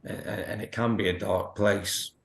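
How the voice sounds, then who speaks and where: A man's voice: on the low side, fairly even intonation, normal speed, creaky. A man in his thirties, a former footballer, telling stories as a podcast guest, laughing often and acting out quotes. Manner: laughing storyteller, many restarts, acts out quotes. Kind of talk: anecdotal podcast chat. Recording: roomy echo.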